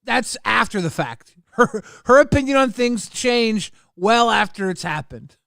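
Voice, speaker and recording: A man's voice: sits high, animated, a little slow, creaky, fairly bright tone, no room sound. A man hosting a casual livestream chat, laid-back, teasing and reading out viewer messages on a close mic. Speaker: livestream host.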